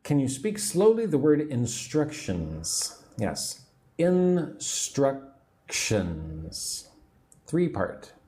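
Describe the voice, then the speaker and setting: An American man in his forties teaching English on a livestream, slowly repeating phrases and drilling pronunciation. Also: fairly high pitch, very animated, warm tone. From United States. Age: 40s. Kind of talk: livestream English lesson, reading viewer comments.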